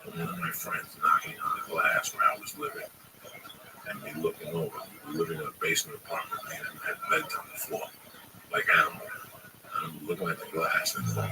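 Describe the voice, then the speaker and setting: A man's voice: very deep voice, wildly swooping pitch, brisk. A middle-aged man telling long, profane, rambling stories to friends in a casual livestream. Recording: distant mic with loud background noise.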